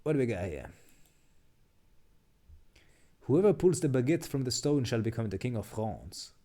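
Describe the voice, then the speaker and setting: A very animated man with a medium-pitched, mellow voice talks a little fast as he goes through memes on a live stream. His commentary is casual and chatty, with lots of muttering, laughter at the jokes and frequent restarts.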